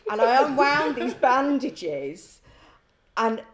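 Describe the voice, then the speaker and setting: A woman's voice: a little high, sing-song, slow, a crowd in the background. A middle-aged woman, a former prison governor telling anecdotes in conversation, blunt, swearing freely and laughing through her stories. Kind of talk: storytelling in conversation. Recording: roomy echo.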